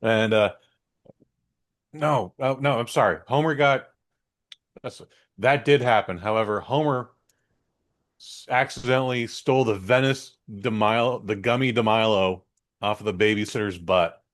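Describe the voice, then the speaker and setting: A man's voice: normal speed, long pauses. A man co-hosting a podcast in casual chat, rambling through stories and correcting himself as he goes. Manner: rambling storyteller, self-correcting, does squeaky voices for quotes. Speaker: podcast co-host.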